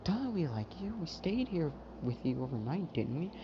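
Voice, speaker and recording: A man's voice: on the high side, sing-song, normal speed, voice pushed up. A man voicing two sleepy, teasing young women, with whiny, clipped replies. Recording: dull, noisy home mic.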